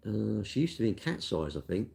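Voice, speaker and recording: A man's voice: on the low side, sing-song, a little fast, gravelly, darkish tone. An older man, chatting casually and rambling in a self-deprecating, matey way while answering viewer questions. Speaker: cake shop worker answering viewer questions. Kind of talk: casual chat.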